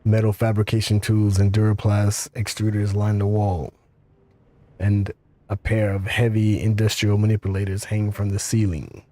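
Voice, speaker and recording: A man streaming a game, reading its text aloud in a steady, even way. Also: lowish voice, normal speed, slight background noise.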